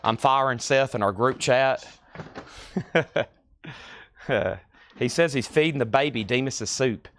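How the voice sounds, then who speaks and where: A man's voice: medium pitch, slow, pauses often, a bit bright. A man hosting a live vinyl record sale, rattling off titles, conditions and prices with chatty asides. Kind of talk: live record auction patter.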